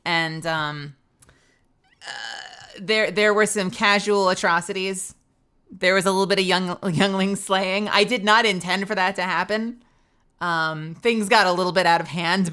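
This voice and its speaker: A woman's voice: lowish voice, fairly even intonation, normal speed, sharp tone, clear, resonant tone. A woman streamer and voice actor chatting casually with her viewers, rambling and full of fillers. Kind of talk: casual live-stream chat.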